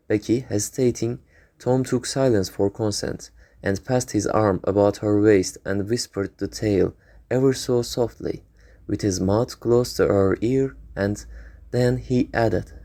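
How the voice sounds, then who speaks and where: Low-voiced man reading a novel aloud. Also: mellow. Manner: halting, with hums between phrases. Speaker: audiobook reader.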